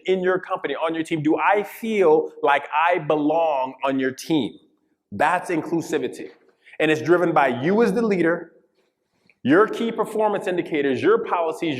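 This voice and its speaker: A man from Colorado giving an interactive diversity workshop, speaking emphatically and checking in with the audience often. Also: fairly high pitch. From Colorado, USA. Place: conference session room. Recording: long reverb of a large hall.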